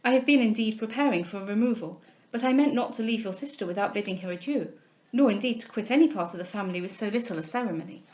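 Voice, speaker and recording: A woman reading a novel aloud, voicing a composed young heiress who speaks in a measured, formal, kindly way. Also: mid-range voice, expressive, a little mellow, dull audio, natural voice. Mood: gentle. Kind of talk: audiobook character reading.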